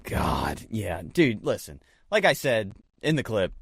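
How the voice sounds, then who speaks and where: A man's voice: fairly low pitch, big pitch swings, slow pace, gravelly, slightly rough, no echo, studio quality. A man co-hosting a casual podcast, rambling through jokes and riffs, calling his partner man and dude. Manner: rambling, riffs with jokes and bits of mock voices. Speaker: podcast co-host.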